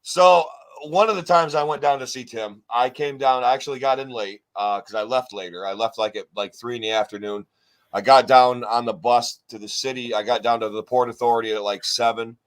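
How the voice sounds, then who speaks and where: A man's voice: medium pitch, a little fast. A man co-hosting a podcast, telling a long rambling story in casual chat, swearing often and acting out what others said. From New York State. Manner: rambling, profane, animated retelling. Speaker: podcast co-host.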